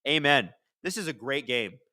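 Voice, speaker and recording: This man's voice sits in the mid range, bright and forceful, at a moderate pace. He's running a live hockey watchalong, rambling with stories and talking to viewers, then breaking off to call plays with excitement. The audio is close and dry, with no room sound.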